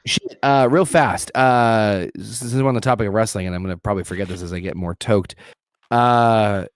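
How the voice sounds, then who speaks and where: A man co-hosting a casual podcast chat with friends, relaxed and swearing freely, laughing often while playing cards. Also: lowish voice, normal speed, clear, resonant tone, no echo, clean studio sound. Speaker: podcast co-host.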